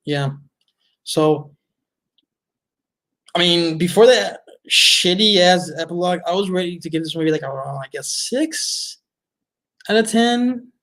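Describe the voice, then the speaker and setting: A man's voice: high voice, normal speed, pauses often, a bit bright. A man giving a casual film review, blunt, exasperated and full of swearing. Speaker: movie reviewer.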